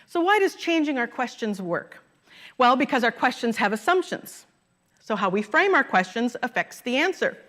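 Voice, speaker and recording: In a church sanctuary on Sunday, a middle-aged female minister delivers her sermon conversationally and at ease. She laughs at her own stories along the way, speaking in a slightly high voice.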